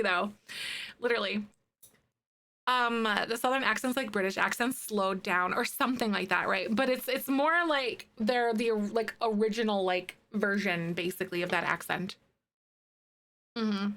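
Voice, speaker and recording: Her pitch sits in the middle, her pace is measured, and her tone is fairly bright. She's a young woman playing a life-sim game on stream, keeping up a bubbly, chatty conversation with viewers, full of "like"s and replies to chat.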